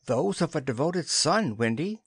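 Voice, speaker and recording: A man's voice: on the high side, animated, measured pace, breathy edge, no room sound, studio quality, voice pushed up, full character voice. A man doing a carefree young boy. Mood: boyish.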